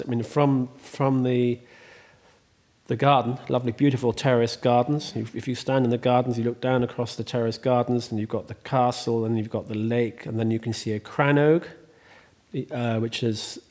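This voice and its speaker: A man's voice: medium pitch, darkish tone. A man, the host, talking casually in an interview, rambling and chatty with many ums and restarts. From Ireland. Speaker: host and estate owner.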